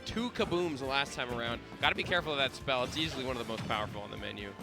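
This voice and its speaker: A man giving live play-by-play commentary on a fighting game tournament, quick and excitable, often laughing. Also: mid-range voice, vocal fry. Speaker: esports commentator. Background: game music.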